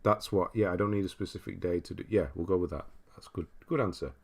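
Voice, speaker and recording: A British livestream host with a deep, low voice that's creaky and slightly rough talks fast as he reads viewer comments aloud one by one. He's relaxed and chatty, laughing often.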